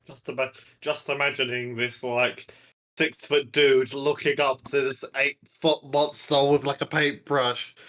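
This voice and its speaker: A man's voice: mid-range voice, flat delivery, a little slow, fairly bright tone. A man playing a tabletop game, friendly and joking, stumbling on his starts. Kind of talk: tabletop game player chat.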